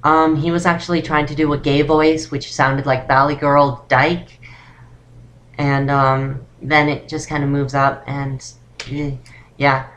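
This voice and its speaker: A young woman talks through a beginner voice-training tutorial in a loose, rambling way. She leans on "um" and "actually" constantly, and her voice sits fairly low for a woman. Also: level tone, a little slow, fairly bright tone. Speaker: voice training vlogger.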